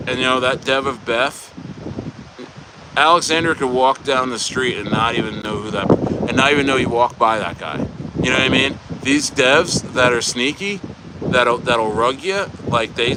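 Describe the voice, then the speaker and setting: Rambling young man streaming outdoors. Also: mid-range voice. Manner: rambling, heavy on fillers. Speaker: livestream host. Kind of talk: casual livestream chat. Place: outdoors at a beach. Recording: loud outdoor wind noise.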